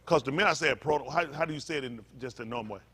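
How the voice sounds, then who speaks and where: A pastor, preaching a sermon in a repetitive, emphatic manner that rises to loud peaks. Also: male voice, mid-range voice, fast talker.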